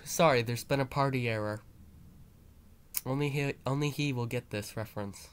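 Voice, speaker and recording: A man's voice: medium pitch, moderate pace, clear, resonant tone. A man with a cold and a stuffy nose, rambling in a mock-serious, mournful way and swearing a lot in a casual vlog. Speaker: YouTuber.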